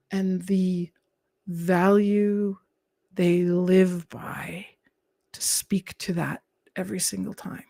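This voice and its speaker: A woman speaks on a live stream in an unhurried, earnest way. Her voice carries a gravelly fry and sometimes sinks to a soft whisper. The sound is close and dry. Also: mid-range voice, dry recording. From Canada. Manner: gentle, earnest, drops into soft whispered asides. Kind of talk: calm reflective live-stream talk.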